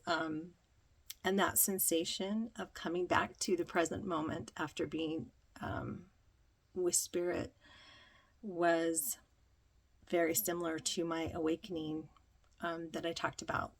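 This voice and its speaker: A woman telling a reflective personal story, slow and dreamy, with many ums. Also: on the low side, flat delivery. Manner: slow, dreamy, breathy with frequent ums and laughter. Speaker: spiritual vlogger.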